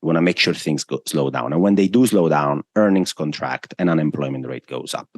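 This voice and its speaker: A man with a very low, deep voice explains the economy as a guest. He is emphatic and works through his points step by step, stacking up lists. The sound is close and dry. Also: brisk, a little mellow, dry recording. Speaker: guest macro analyst. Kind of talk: explanatory interview answers.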